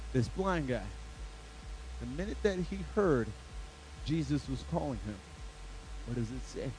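A man preaching a sermon as a guest speaker at a church service, animated and playful, moving from loud emphatic bursts to quiet, earnest stretches. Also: mid-range voice, slight background noise, rough recording.

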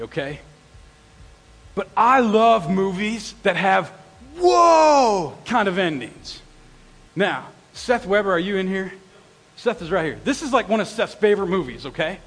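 High-voiced preaching man in a reverberant hall. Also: a bit bright. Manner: emphatic preaching, then chatty asides. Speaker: pastor. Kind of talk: sermon. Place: church sanctuary.

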